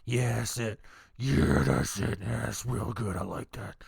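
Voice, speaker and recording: A man's voice: unhurried, creaky, a little hiss or hum. A man putting on a sleazy murmuring cult leader. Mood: leering. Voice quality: low soft drawl. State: drunk.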